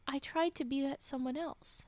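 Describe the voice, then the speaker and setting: A woman's voice: high voice, fairly even intonation, moderate pace, a little mellow, no echo, natural voice. A woman reading the long confession of a grieving woman, in an earnest, confessional way.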